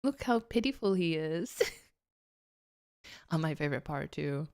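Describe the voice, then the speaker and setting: A woman's voice: deep voice, expressive, measured pace, a little mellow, no echo, clean studio sound. A woman streamer giving casual watchalong commentary, giggling often and rambling with fillers and restarts. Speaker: VTuber streamer.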